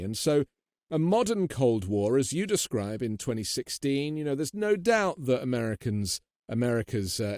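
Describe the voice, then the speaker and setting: A man's voice: medium pitch, a little mellow, dry recording, studio quality. An English man with an English accent, a podcast host talking in an earnest, chatty way who repeats words as he starts a thought. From England. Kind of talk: casual interview talk.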